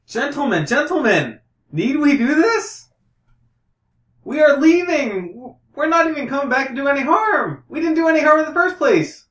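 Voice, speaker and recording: A man's voice: very high-pitched, very animated, moderate pace, fairly bright tone, pitched above the performer's own voice, full character voice. Man doing an exasperated adventurer pleading with guards. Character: indignant male adventurer arguing with guards. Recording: roomy echo, distant from mic.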